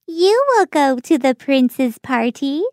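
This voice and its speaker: A woman voicing a kind fairy godmother in a storybook reading, speaking gently and slowly. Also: high-pitched, very animated, no room sound, studio quality, voice pushed up, exaggerated voice. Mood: reassuring.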